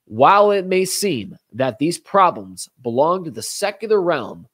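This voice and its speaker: A man's voice: fairly high pitch, sing-song, unhurried, fairly bright tone. A man hosting a talk show, giving commentary and reading a letter aloud in an earnest manner, pushing hard on key words. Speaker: host.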